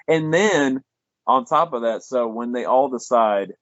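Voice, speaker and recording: On a film review podcast, a man co-hosts with a mid-range, animated voice at a measured pace, a bit bright, with no echo. He rambles through the plot, acting out quotes and swearing casually, in a dull, lo-fi, dry podcast recording.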